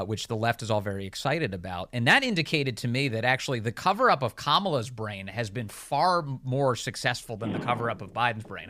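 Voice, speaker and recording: A male talk radio host with a bright, sharp-edged voice. His pitch rises and falls a lot as he makes emphatic, opinionated points to his guest.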